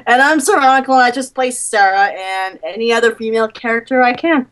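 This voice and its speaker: A woman's voice: on the high side, fairly quick, crowd noise, poor audio. A woman, writer and director of an audio drama, talking casually with her cast over a video call.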